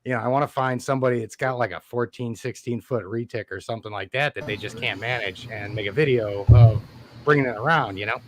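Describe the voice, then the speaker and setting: A man's voice: mid-range voice, fast talker, a crowd in the background. A man chatting as a guest over a video call, easygoing and laughing between stories. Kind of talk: casual live chat.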